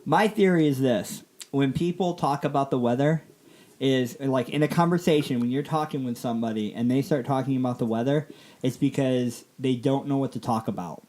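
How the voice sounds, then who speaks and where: A man in his thirties co-hosting a relaxed podcast, chatting loosely and laughing a lot. His voice sits in an ordinary middle pitch. The talk is casual and jokey throughout. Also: normal speed. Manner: laughs often, loose and joking. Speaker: podcast co-host.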